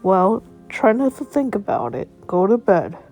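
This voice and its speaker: A woman voicing a gentle, patient father in a children's story, with soothing, unhurried reassurance. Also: medium pitch, sing-song, faint music behind. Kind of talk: storybook character voice.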